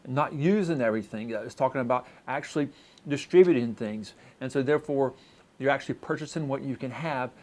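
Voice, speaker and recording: A man preaching a sermon as pastor, in a conversational way, often restarting his sentences. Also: mid-range voice.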